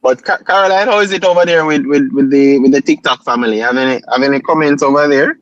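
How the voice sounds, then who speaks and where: A man's voice: medium pitch, fast, fairly bright tone, dry recording, lo-fi sound. A man co-hosting a live stream in easygoing casual chat, often repeating his words. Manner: easygoing, repeats words, calls others neighbor.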